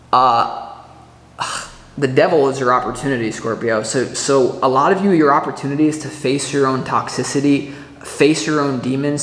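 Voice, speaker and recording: Male tarot reader, mid-range voice, rambling and animated, recorded in a reverberant room with a long tail. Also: medium pitch. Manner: chatty and animated, full of "like" and restarts, acts out little scenes. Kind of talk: casual weekly tarot reading to camera.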